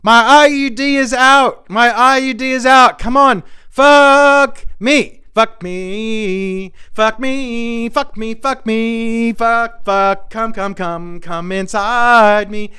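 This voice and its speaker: A man voicing a breathless female model who begs and moans in a high, pleading voice. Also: steady tone, slow pace, bright, forceful tone, clear, resonant tone, full character voice. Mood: pleading, giddy.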